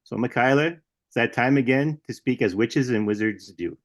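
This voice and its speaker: A man's voice: mid-range voice, normal speed, no echo, studio quality. A man hosting a podcast in easygoing casual chat. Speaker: podcast host.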